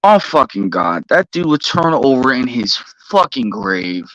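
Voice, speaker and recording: A man hosting a live stream, ranting heatedly and profanely while shouting out viewers in the chat. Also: medium pitch, big pitch swings, unhurried, no echo, muffled recording.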